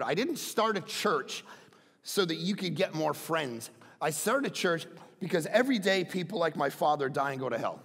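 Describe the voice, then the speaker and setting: A middle-aged man preaching a sermon as pastor, often breaking into shouts. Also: fairly high pitch, expressive, fast talker, slightly rough, in a large hall.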